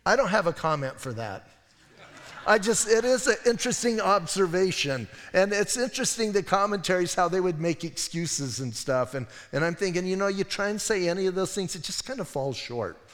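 A man with a fairly high voice preaches a sermon, talking to the congregation like a friend, restarting sentences and tossing in dry asides. His voice rings with a long reverb that trails off through a church hall. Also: expressive, a little fast, fairly bright tone. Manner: conversational, self-interrupting preaching with wry asides. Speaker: pastor. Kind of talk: expository sermon.

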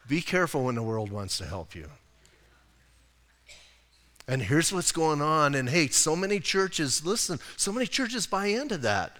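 A man's voice: on the high side, sing-song, measured pace, a bit bright. A man preaching a sermon as pastor, in a conversational style with rhetorical asides, sometimes acting out the people he quotes. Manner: acts out quoted voices. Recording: long hall reverb.

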